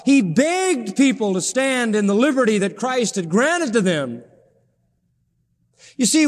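Impassioned high-voiced male preacher. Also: in a large hall. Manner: impassioned, pleading preaching with sudden rises in pitch. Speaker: pastor. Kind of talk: sermon.

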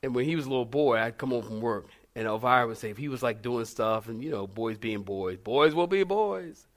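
A middle-aged man preaching a sermon, animated and humorous, calling out to his congregation. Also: mid-range voice, a little fast. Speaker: pastor.

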